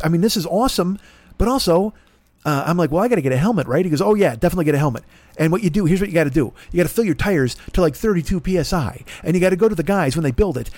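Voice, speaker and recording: Recorded on a laptop with no room sound, a middle-aged podcast host with a slightly mellow voice on the high side rambles through a self-mocking, profanity-laced story. He plays out both sides of each conversation in this casual monologue.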